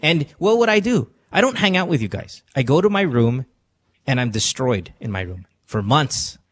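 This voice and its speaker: A man's voice: mid-range voice, sing-song, moderate pace. A man hosting a call-in podcast from a studio, talking earnestly and confessionally, repeating himself as he gives advice. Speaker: podcast host. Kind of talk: emotional call-in advice talk. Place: radio studio.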